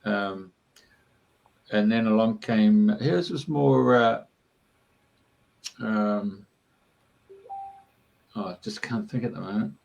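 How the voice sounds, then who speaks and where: An Australian man, a guest in an interview, tells long, rambling stories in a casual, chatty way full of ums and uhs. His lowish voice is slow and a little mellow, with vocal fry and long pauses. The recording's highs are cut off.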